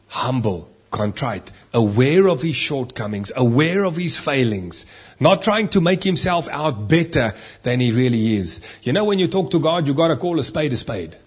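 A man preaching a sermon, emphatic, swinging between loud stressed lines and quiet asides. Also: mid-range voice, slightly rough. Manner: emphatic, rising and dropping loudness for stress.

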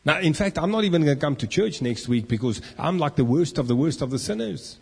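A man preaches in a church, slipping into the inner voices of the people he describes. His voice is husky, and it rings with the long reverb of a large hall. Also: a little high, brisk. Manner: animated, acts out inner voices. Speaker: pastor. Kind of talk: sermon.

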